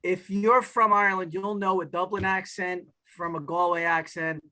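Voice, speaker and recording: A man's voice: sits high, normal speed, poor audio. A man with a New York accent, an actor guest telling stories in a casual podcast interview with many restarts. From New York / New Jersey area. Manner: animated storyteller, many restarts.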